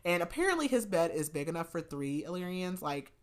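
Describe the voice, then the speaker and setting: A woman's voice: fairly low pitch, sing-song, fairly quick. Chatty woman recapping a book. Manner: chatty, giggly, lots of "like". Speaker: podcast host.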